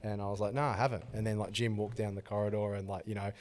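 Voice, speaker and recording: A man, a guest impressionist chatting casually and telling animated stories. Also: lowish voice, quick pace, slight background noise. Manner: animated storytelling, slips into voices. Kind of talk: casual podcast chat.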